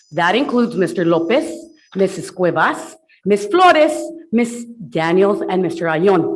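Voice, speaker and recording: A woman giving a public comment at a school board meeting, earnest and emphatic, slowing down to stress key words at a podium microphone. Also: on the high side, low-quality recording.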